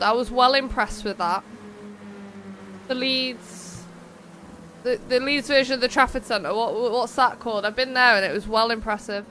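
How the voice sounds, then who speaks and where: A bit of hiss or hum accompanies a young woman's high, sharp-toned voice. She hosts a live racing game stream, chatting loosely, veering into tangents, and reading the chat aloud.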